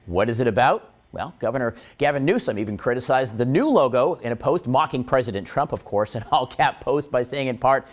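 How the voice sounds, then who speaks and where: A man's voice: medium pitch, fairly quick, hardly any pauses. A man hosting a morning show, chatting in a jokey, wisecracking way and throwing in puns. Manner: punning, wisecracking, animated.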